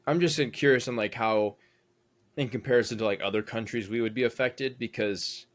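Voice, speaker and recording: A young American man co-hosts a casual podcast in a medium-pitched voice, talking briskly. He rambles and thinks aloud, using lots of fillers.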